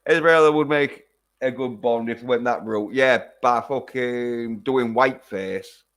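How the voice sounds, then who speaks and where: Slow-talking, profane man. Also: medium pitch, a bit bright. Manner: rambling and heavily profane. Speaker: film reviewer. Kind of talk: casual livestream film review.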